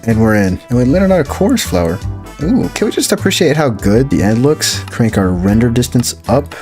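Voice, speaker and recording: A man giving let's-play commentary, excitable and thinking aloud as he plays. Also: mid-range voice, a little fast. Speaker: gaming YouTuber. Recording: game music behind voice. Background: game music.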